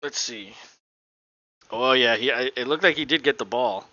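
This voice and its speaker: A man's voice: mid-range voice, normal speed, bright, forceful tone, no room sound. A male podcast co-host doing casual, offhand live play-by-play commentary and swearing now and then, recorded on a dull lo-fi home mic.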